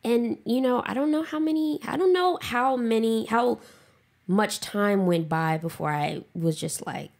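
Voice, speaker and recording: A woman's voice: a little high, measured pace, creaky, a little mellow. A woman co-hosting a podcast, frankly telling a personal story with emotion, swearing freely and saying "like" a lot. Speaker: podcast co-host.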